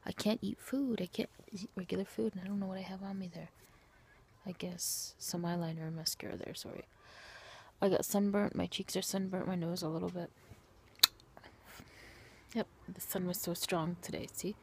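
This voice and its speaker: A woman vlogging to her camera in a weary, complaining way, often sinking into a breathy whisper. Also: lowish voice, steady tone, moderate pace, long pauses, darkish tone, a little hiss or hum. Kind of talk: casual talk to camera.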